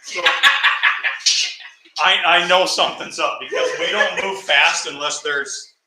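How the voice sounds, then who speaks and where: Bright-voiced man telling a funny work story. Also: on the high side, unhurried, a little hiss or hum. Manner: animated, laughs through his story. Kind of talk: casual storytelling chat. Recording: echoey room, mic at a distance.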